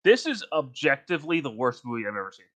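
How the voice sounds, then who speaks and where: A man's voice: mid-range voice, very animated, quick pace, a bit bright. A man co-hosting a podcast in casual chat, emphatic and rambling, often breaking into laughter. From North Carolina. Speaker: podcast co-host.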